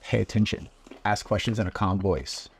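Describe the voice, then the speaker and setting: A man being interviewed, answering in a calm and earnest way. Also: lowish voice, moderate pace, vocal fry, slight background noise. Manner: calm, earnest, acts out parent-child dialogue. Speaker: guest. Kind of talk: casual interview.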